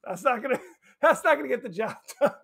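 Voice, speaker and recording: A man co-hosts a horror film podcast in loose, casual conversation. His voice sits high and bright, and he throws himself into acting out scenes with exaggerated voices. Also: lively intonation, fairly quick, gravelly, husky. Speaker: podcast co-host. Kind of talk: casual movie chat.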